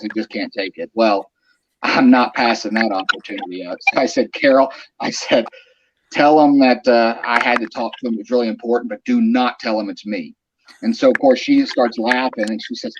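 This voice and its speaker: A man tells a funny story among friends, animated and quick to laugh, his voice jumping up when the tale gets exciting. The sound is dull and lo-fi, with steady noise behind him. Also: mid-range voice. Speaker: guest telling a story. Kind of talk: casual storytelling on a group video call.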